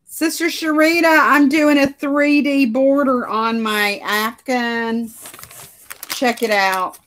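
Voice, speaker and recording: A woman with a high, fairly bright voice speaks slowly and with fairly even intonation. She's hosting a casual crochet livestream at home in her living room, chatting and reading comments from viewers, often breaking into laughter.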